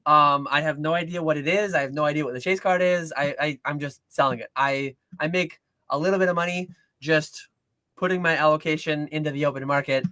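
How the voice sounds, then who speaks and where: A man talks on a casual livestream, his voice bright and a little high. He circles back and restarts his sentences, explaining in earnest. The sound is close and dry. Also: steady tone, a little fast, no room sound. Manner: rambling with frequent restarts and "like". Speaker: co-host of a card-collecting livestream.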